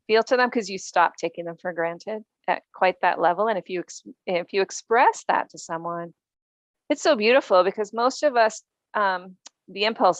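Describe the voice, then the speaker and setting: A woman's voice: on the low side, dry recording. A woman guest author in a podcast interview, explaining earnestly with frequent ums.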